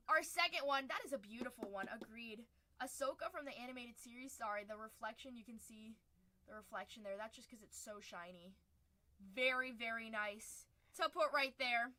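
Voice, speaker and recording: A woman's voice: high voice, sharp tone. A woman hosting a live trading card break stream, chatting in an upbeat way and calling out each card as she pulls it. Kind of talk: casual live-stream chat.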